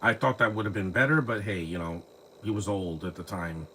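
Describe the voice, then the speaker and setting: A fairly low-voiced man talks loosely over a movie, circling back on his words and filling gaps with fillers. He records on a phone at home, with a faint hiss underneath. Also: a little fast, bright, forceful tone. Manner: rambling, frequent restarts and fillers. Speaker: live movie commentary host. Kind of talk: casual rambling commentary. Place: home, lives near trees.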